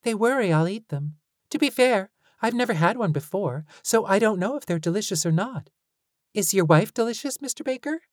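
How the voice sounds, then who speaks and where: A woman's voice: medium pitch, expressive, moderate pace, dry recording, clean studio sound, voice pushed up, natural voice. A woman voicing an odd little boy with glowing red eyes, chatty, earnest and oddly literal.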